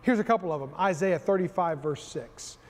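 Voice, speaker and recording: A man's voice: sits high, brisk, long reverb tail. A man preaching a sermon as pastor, using emphatic repetition. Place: church sanctuary.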